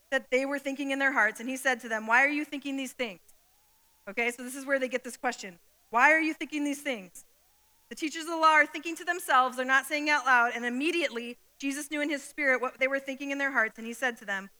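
Bright high-voiced woman preaching. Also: poor audio. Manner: conversational, checks in with "okay?". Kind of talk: sermon teaching. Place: church hall with a screen.

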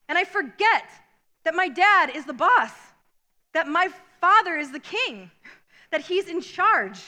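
Bright-voiced woman preaching a lively sermon. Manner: animated, acts out characters in the story with loud high shouts. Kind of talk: sermon with storytelling.

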